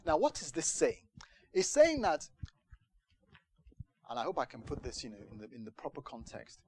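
A man preaching a sermon, telling a personal story in an animated way, laughing at times and acting out the quotes. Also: on the high side, normal speed, long pauses.

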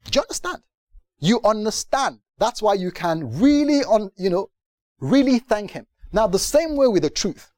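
A man preaching a sermon to a gathering, animated, moving from hushed tones to loud emphatic questions. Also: sits high, moderate pace, no echo. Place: church gathering.

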